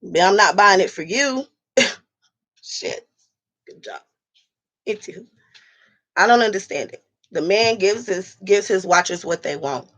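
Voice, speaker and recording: A woman's voice: mid-range voice, expressive, measured pace, long pauses, fairly bright tone. Woman on a livestream talking to chat, blunt and cussing. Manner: blunt, profane, talks straight to her viewers. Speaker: livestream host reading chat.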